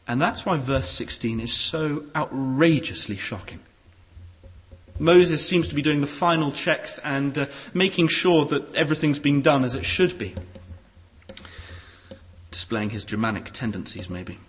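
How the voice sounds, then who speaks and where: A man preaching a sermon in a church hall, expressive, with shifting pace and loudness. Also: fairly high pitch. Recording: echoey hall.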